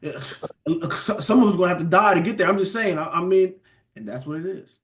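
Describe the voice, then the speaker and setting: A man with a high voice leads a Bible study, speaking a little fast in a casual preaching style. He's lively and conversational, frequently addressing his listeners as "beloved."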